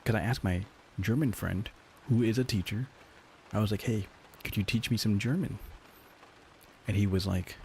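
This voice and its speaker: Fairly low and a little mellow, this young man's voice moves at a moderate pace with vocal fry and frequent pauses, plus slight background noise. He chats with his live chat in a loose, profane manner, saying "like" and "dude" often.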